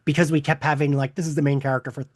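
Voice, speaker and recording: A man's voice: fairly high pitch, little pitch movement, very fast, a little mellow, dry recording, studio quality. A man who is a teacher, speaking as a podcast guest in casual chat, hesitant and full of "um" and "like". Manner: hesitant, many "um" and "like".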